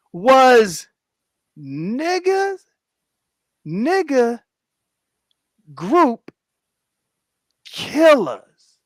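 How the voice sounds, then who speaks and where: A man casually recounting an argument on a livestream, emphatic and animated as he retells it. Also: extremely high pitch, no room sound, studio quality. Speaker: YouTube commentator.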